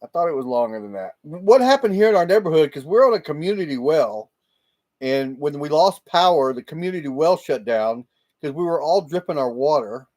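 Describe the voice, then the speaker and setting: Speaking into a laptop microphone, a livestream host chats casually with viewers, rambling and laughing often. His voice sits on the high side with a darkish tone, and he's very animated and a little fast.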